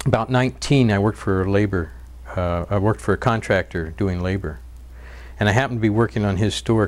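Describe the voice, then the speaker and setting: A man with a lowish voice tells his stories in an earnest, easygoing way. He pauses on fillers and restarts his sentences. Faint music plays underneath. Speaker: documentary narrator and interviewee. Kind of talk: interview and narration.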